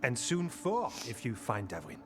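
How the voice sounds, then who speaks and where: An actor voicing a thoughtful, wry man warden in a video game, measured in his speech. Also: mid-range voice, huge pitch swings. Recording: game audio with music.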